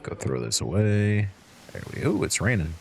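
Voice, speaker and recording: A man's voice: lowish voice, very animated, moderate pace, vocal fry, darkish tone. A man hosting a let's-play, chatting to in-game customers as he serves drinks and counts out change. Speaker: gaming channel host. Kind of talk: relaxed let's-play commentary.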